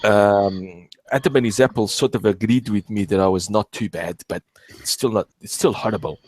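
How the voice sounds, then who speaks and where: An Australian man hosting a casual group voice chat, excitable, swearing freely and laughing often. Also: on the low side, normal speed. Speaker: host.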